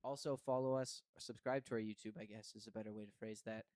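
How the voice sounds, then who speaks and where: Young male podcast host, smooth voice, relaxed chat, dry close mic. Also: fairly low pitch, fast talker, dry recording. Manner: relaxed, chatty, with fillers. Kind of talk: casual sports podcast chat.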